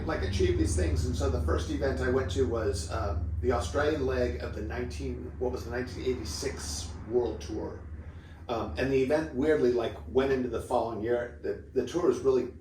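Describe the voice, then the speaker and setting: A man's voice: mid-range voice, moderate pace. A man in his fifties from southern California, a podcast guest telling stories in a loose, rambling way full of "like". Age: 50s. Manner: loose and rambling, lots of filler "like". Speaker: podcast guest, former pro surfer. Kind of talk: relaxed storytelling. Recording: roomy echo, distant mic, steady noise.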